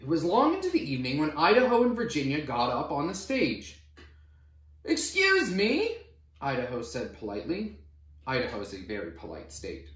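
Animated man reading a picture book aloud. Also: mid-range voice, a little fast. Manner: animated storytelling. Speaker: storybook reader. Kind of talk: children's read-aloud. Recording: roomy echo.

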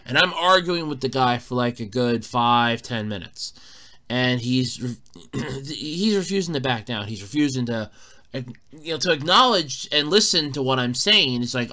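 A man's voice: medium pitch, lively intonation, normal speed, sharp tone. A man hosting a casual solo podcast, telling an exasperated, swearing story, recorded in a borrowed room at a fire company. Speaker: podcast host.

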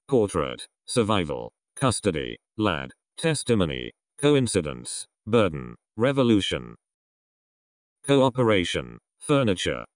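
A man reading a vocabulary list aloud, deliberately, one word at a time with pauses between. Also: low voice, no room sound, clean studio sound. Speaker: vocabulary reader.

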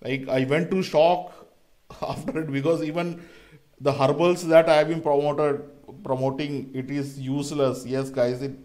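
A man's voice: a little high, darkish tone. A man with an Indian accent delivering a rambling, emphatic vlog monologue, often calling his listeners "guys.". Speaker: vlogger.

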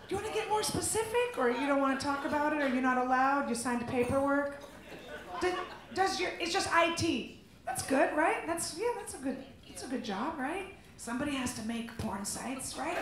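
A woman's voice: high voice, animated, moderate pace. A woman comedian doing stand-up crowd work on a club stage, brash and teasing, laughing often. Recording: echoey club with loud noise.

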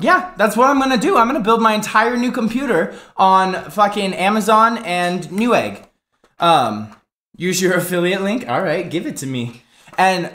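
A man live streaming from his home setup into a desk microphone, ranting in a frustrated, profane, animated way. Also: high-pitched. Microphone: desk microphone with headset.

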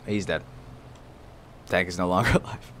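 A young man casually commentating his own tank gameplay, excitable and profane, often jumping into loud outbursts. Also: sits low, moderate pace. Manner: excitable, profane, bursts into shouts. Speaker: gaming channel host. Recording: faint game noise behind. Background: game artillery and battle noise.

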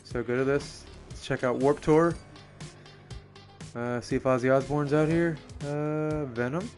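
A young man giving casual, profane live commentary on a racing game, excitable and often laughing. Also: mid-range voice, a little slow, soft background music. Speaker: streamer.

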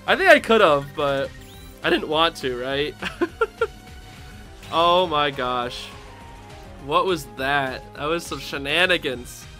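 A young man gives excitable, laughing commentary while playing a fighting game, with sudden loud outbursts. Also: fairly high pitch, slow pace, long pauses. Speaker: gaming channel host. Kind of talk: casual live game commentary. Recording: game music behind.

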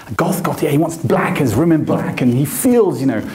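A male photographer giving an anecdotal lecture, telling stories with animated acted quotes. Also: a little high, moderate pace, echoey room. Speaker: photographer and guest speaker. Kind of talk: storytelling lecture. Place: lecture hall.

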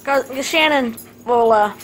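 A woman's voice: a little high, slow, a crowd in the background. A woman in her fifties filming a casual home vlog, cooing baby talk at her dog and laughing often. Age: 50s. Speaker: vlogger.

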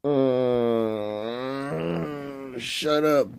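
A young man livestreaming, ranting and yelling insults at his chat, then dropping to low mutters. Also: animated, takes it slowly. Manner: swings between shouting and low mutters. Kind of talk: casual livestream rant.

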